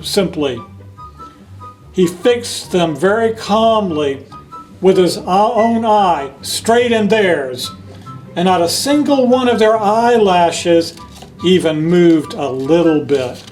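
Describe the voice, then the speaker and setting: A man's voice: high voice, low-quality recording. A man reading a picture book aloud to children, going through each page in French and then in English, and stopping to point out what is happening in the pictures. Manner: gentle, explains the pictures to children. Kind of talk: children's storytime read-aloud.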